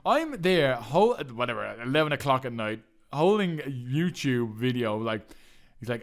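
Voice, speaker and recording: A man's voice: mid-range voice, lively intonation, moderate pace, a bit bright. A young Irish man on a casual podcast, spinning a long, rambling tale. He keeps slipping into other people's voices as he tells it. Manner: rambling storyteller, acts out other people's lines. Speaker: podcast co-host. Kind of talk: casual chat.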